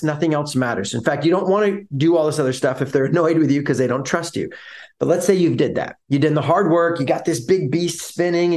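A fairly high-pitched man co-hosting a business podcast. He talks in an energetic, conversational way, painting pictures and acting out what customers might say. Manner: energetic, explains with vivid images and acted-out quotes. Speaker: podcast co-host. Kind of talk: casual business podcast chat.

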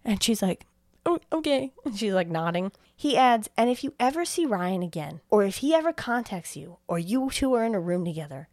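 A woman's voice: medium pitch, fairly quick, hardly any pauses, no room sound. Dry-sounding woman retelling a movie plot. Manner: animated storytelling, acting out quotes, swears freely. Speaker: podcast co-host recapping a film.

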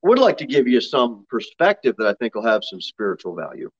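Male pastor, lively pitch swings, folksy sermon delivery, muffled lo-fi recording. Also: a little fast, slightly rough. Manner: folksy, laughing asides between scripture readings.

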